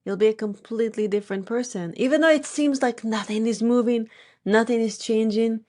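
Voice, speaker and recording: A woman's voice: a little high, brisk, mellow. A woman hosting a podcast interview, a hypnotherapist who talks earnestly and shares personal stories, stressing points through repetition. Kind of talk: casual interview talk.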